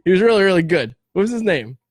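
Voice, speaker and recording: A man's voice: sits high, sing-song, fast talker, no echo, clean studio sound. A man hosting a comedy podcast, joking around and laughing often in casual chat. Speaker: podcast host.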